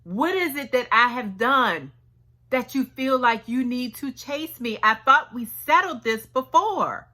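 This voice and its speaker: An earnest young warrior, acted by a woman preacher, presses his case with one pleading question after another. He slips into casual slang and takes his time, with a lively rise and fall. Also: a little high, unhurried, voice pushed up.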